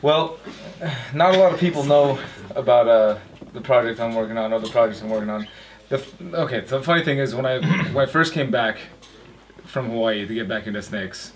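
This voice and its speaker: A man's voice: mid-range voice, slight background noise. Rambling man telling a casual story. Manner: rambling, anecdotal. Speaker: panel guest, breeder.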